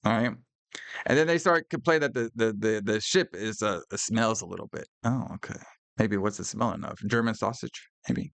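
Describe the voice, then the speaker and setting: A man co-hosting a podcast, casually recapping a horror movie scene by scene, profane and animated, acting out the characters' lines. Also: on the low side, moderate pace, creaky, dry recording. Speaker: podcast co-host.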